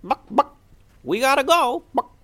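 Chickens chattering in high, squeaky clucks, eager and friendly, as a man puts them on. The voice jumps way up and pops out loud, breaking into little buck-buck noises between words. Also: very animated, a little slow, exaggerated voice. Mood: chirpy. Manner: high-pitched, chirpy.

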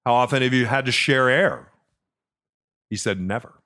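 A middle-aged man hosting a podcast, telling a personal story in a chatty way, stumbling over repeated words and dropping soft and low at the tender parts. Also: moderate pace. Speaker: podcast host. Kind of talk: casual storytelling.

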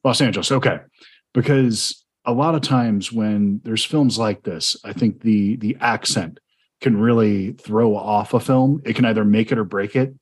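This podcast host, a Southern-accented man from Georgia, has a fairly low voice with a breathy edge and speaks at normal speed. He leads a conversational film interview, chatting eagerly and often rambling with restarts.

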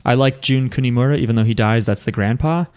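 A man's voice: medium pitch, quick pace, darkish tone, clean tone. A man in a casual movie discussion, rambling along with lots of ums and self-corrections. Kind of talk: casual chat.

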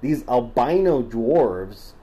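A man's voice: mid-range voice, lively intonation, slow, mellow, poor audio. A man from Southern California co-hosting a podcast, a bit drunk, reading folklore notes in a loose, swearing, laughing way. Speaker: podcast co-host.

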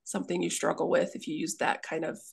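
A woman's voice: low voice, level tone, creaky, breathy edge. A woman who runs a dog daycare, explaining training in an earnest, casual way and acting out what dogs and owners say. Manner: earnest, acts out dogs and owners in quick asides. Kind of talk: casual interview talk.

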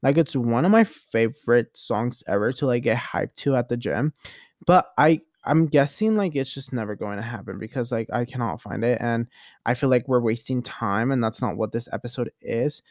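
A man hosting a podcast, talking alone in a rambling, chatty and expressive way. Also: mid-range voice, normal speed, no echo, clean studio sound. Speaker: podcast host. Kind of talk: casual solo monologue.

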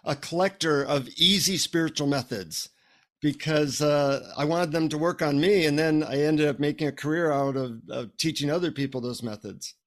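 A man's voice: fairly high pitch, normal speed. A man, a psychotherapist guest, telling humorous stories in a casual interview over a remote call. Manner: humorous, animated storyteller.

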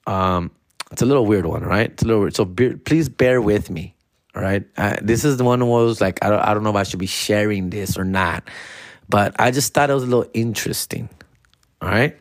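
A man's voice: on the low side, a little fast, no room sound, clean studio sound. A man telling stories in a casual monologue, full of swearing and street slang. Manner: profane slangy banter. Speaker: storyteller host.

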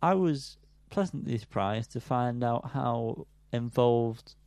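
Male podcast co-host, mid-pitch, casual rambling music chat. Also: slow, a little mellow, no room sound. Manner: rambling, frequent ums, laughs at himself.

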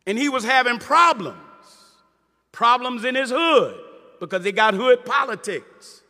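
High-voiced man preaching emphatically in a hall. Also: animated, unhurried, pushed and bright. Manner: emphatic, calls out to the crowd. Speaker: Muslim minister. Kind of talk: preaching to a live audience.

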